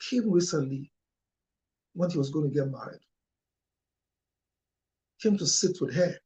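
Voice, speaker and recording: A man speaking as a marriage counselor in an impassioned monologue, emotional and close to tears at times, his voice jumping suddenly higher and louder. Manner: emotional, with sharp rises in pitch and loudness.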